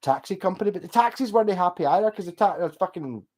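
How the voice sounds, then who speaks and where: A man's voice: sits high, animated, fast talker, a little mellow. Drunk rambling Scottish man. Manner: rambling, sweary, ranting. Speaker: livestream host. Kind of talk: casual late-night livestream chat.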